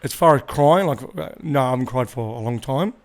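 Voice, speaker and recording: A podcast co-host with a mid-range voice talks briskly and easily in casual chat. He's easygoing, using fillers and tag questions like "you know what I mean."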